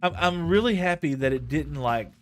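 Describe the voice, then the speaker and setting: A man's voice: fairly high pitch, lively intonation, normal speed. Chatty man streaming a game. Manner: rambling, chatty, self-correcting with frequent chuckles. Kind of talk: casual gameplay stream chat.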